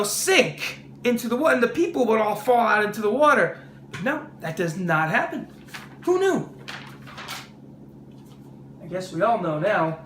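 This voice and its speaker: Animated, sarcastic male movie reviewer. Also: high-pitched, roomy sound, slight background noise. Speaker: vlog host, movie reviewer.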